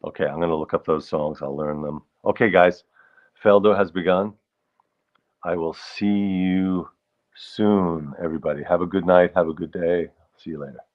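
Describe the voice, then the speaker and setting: A man's voice: low-pitched, fairly even intonation, normal speed, muffled recording. A man hosting a livestream, chatting casually and rambling while reading out comments from viewers. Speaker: livestream host.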